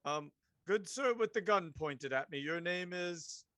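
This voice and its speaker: Man doing pompous English gentleman, put-on English accent, high voice, bright tone, overly formal. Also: lively intonation, measured pace, dry recording, clean studio sound. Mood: haughty.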